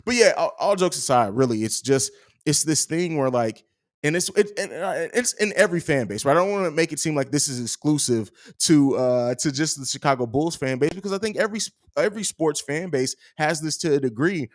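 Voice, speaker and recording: A man's voice: fairly high pitch, lively intonation, fairly quick. A young man hosting a casual live stream, talking in slang and reading viewer comments aloud. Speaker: host of a fan live stream.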